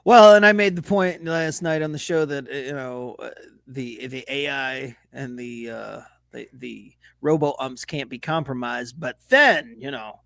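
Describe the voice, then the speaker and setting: A man's voice: mid-range voice, measured pace, creaky, few pauses, a bit bright, no echo. A man co-hosting a sports podcast, sarcastic and hesitant, full of fillers. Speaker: podcast co-host. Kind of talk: casual banter.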